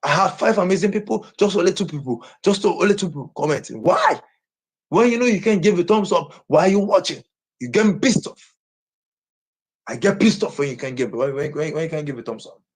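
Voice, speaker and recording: A man shouting and ranting repetitively to his livestream viewers. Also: a little high, animated, fairly quick, breathy edge.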